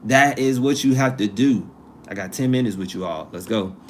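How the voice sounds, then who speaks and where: A man's voice: on the low side, moderate pace, slight background noise. A man hosting a live stream, talking in a loose, conversational way, drifting off topic and repeating himself for emphasis. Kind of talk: casual live-stream talk.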